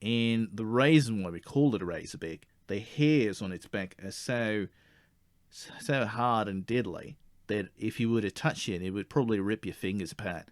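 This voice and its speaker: A man's voice: lowish voice, moderate pace, no echo, clean studio sound, close to an everyday voice. A man playing a blunt, slangy male Australian outback guide in a comedy sketch, with an Australian accent, stammering when he gets worked up. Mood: matter-of-fact. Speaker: tour guide.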